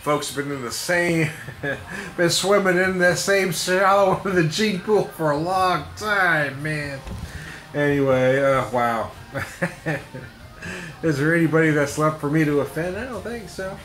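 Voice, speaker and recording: A man's voice: fairly high pitch, takes it slowly, a bit bright. A middle-aged man rambling through a casual monologue, laughing often and swearing freely. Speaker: podcast host. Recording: echoey room with faint music.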